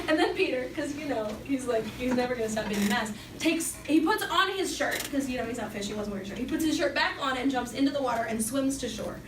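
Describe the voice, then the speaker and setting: A young woman giving an animated Bible talk as a youth speaker, storytelling with lively acted-out quotes. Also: fairly high pitch. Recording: echoey hall from far off with background noise.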